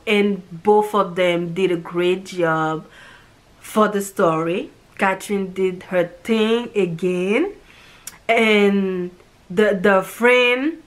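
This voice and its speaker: Lady doing a chatty movie review, talks slow, keeps gushing the same praise over and over, mid pitch. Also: fairly bright tone. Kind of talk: casual chat.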